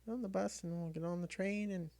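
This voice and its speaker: A man's voice: high-pitched, fairly even intonation, fast, gravelly, darkish tone, dry recording. A man voicing his easygoing middle-aged father, reassuring and upbeat.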